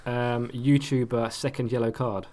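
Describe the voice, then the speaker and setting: A man's voice: medium pitch, little pitch movement, measured pace, darkish tone, slight background noise. A man co-hosting a podcast, chatting casually and laughing often. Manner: laughs often, playful teasing. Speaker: podcast co-host.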